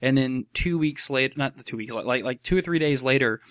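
A man on a podcast, animated and laughing as he tells stories, talking over the others, recorded on a USB microphone. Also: medium pitch, brisk. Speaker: podcast co-host. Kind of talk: casual podcast chat.

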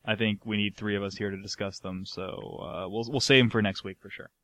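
A man's voice: fairly low pitch, fairly even intonation, a little fast, a bit bright. A man co-hosting a casual gaming podcast, joking and rambling with lots of hesitations. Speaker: podcast co-host.

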